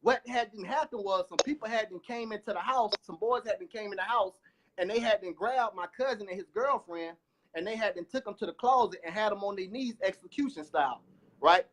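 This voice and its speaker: A man with a strikingly high voice and a drawl tells his life story as a testimony. He talks over a phone, circling back on words, repeating himself and restarting phrases as the story pours out. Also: normal speed. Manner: repetitive, animated storytelling with many restarts. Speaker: guest giving a testimony.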